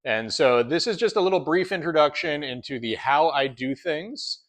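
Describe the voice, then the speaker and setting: A man's voice: a little high, lively intonation, moderate pace. A man who trains dogs, explaining his methods in an instructional talk and often checking in with "right?". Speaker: dog trainer.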